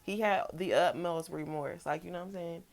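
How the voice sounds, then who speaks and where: Soft-spoken young woman with gravelly voice. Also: fairly low pitch, fairly quick. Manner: soft-spoken, reflective, casual slang. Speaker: vlogger. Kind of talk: personal reflective vlog talk.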